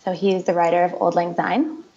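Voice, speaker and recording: A woman appears as a guest on a podcast, explaining things chattily in a casual interview and repeating herself often. Her voice is fairly low and dark in tone, fairly even in intonation, and fairly quick. The recording has a dull, lo-fi sound.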